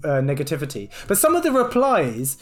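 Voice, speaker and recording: A man co-hosting a casual podcast, talking in an animated way and slipping into mocking quoted voices. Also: a little high, fairly quick. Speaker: podcast co-host, doctor.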